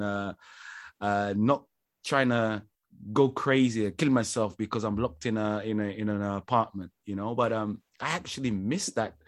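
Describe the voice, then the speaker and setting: A man's voice: lowish voice, dry recording, studio quality. A man co-hosting a podcast in casual chat, rambling and joking and often breaking into laughter. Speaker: podcast co-host.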